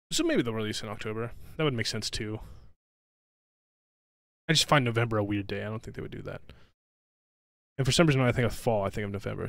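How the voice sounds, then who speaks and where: A man's voice: lowish voice, creaky, fairly bright tone, dry recording. A man co-hosting a casual gaming podcast, talking bluntly and swearing freely. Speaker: podcast co-host. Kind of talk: casual chat.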